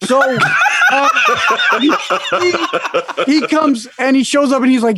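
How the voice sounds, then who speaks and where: High-voiced man telling a rowdy story. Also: a little slow, pauses often, a loud crowd. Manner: swears freely, laughs through an animated story. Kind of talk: casual storytelling chat.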